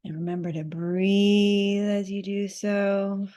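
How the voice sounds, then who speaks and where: A woman leading a guided breathing and self-massage meditation as the teacher, speaking softly and gently, and laughing easily at her own slips. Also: medium pitch, little pitch movement, slow pace. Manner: soft, gently guiding, laughs at herself.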